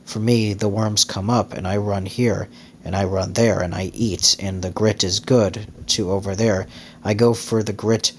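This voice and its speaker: A man's voice: on the low side, a little hiss or hum. A man voicing a simple-minded young hen in a farmyard, in a breathless run-on chant of small thoughts.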